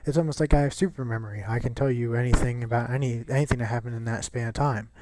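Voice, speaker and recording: A man's voice: mid-range voice, fairly even intonation, fast talker, noisy background. A young man chatting casually over gameplay, rambling and swearing with lots of restarts. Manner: rambling and profane, many restarts.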